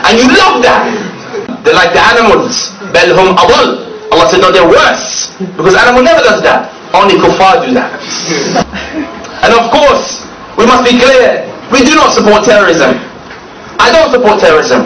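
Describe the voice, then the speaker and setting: A man giving a mocking talk to a gathering, sarcastic and emphatic, often laughing and at times shouting. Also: high-pitched, animated, moderate pace. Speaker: speaker addressing a gathering. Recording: distant echoey hall recording with noise.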